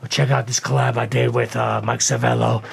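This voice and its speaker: A man co-hosting a podcast, chatting bluntly and swearing casually in a gravelly, raspy voice. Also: medium pitch, level tone, fairly quick. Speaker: podcast co-host, DJ producer. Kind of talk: casual chat.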